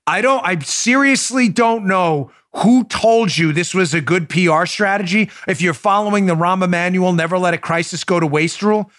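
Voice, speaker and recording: Podcast host, middle-aged man, New York-raised, higher-pitched voice, sarcastic and indignant ranting with quiet confiding asides. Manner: indignant, sarcastic, rapid rhetorical questions; swings to soft, confiding asides. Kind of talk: heated political commentary.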